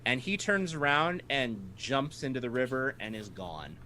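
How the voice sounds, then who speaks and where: A man's voice: medium pitch, big pitch swings, moderate pace, bright, forceful tone, slight background noise. A man running a tabletop game as game master, narrating the scene to his players and laughing often.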